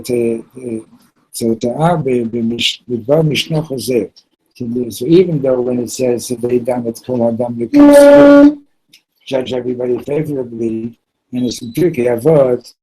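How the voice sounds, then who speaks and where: A man's voice: mid-range voice, warm tone, husky, rough recording. A man teaching a Torah class in a loose, conversational way, telling stories and mixing in Hebrew terms.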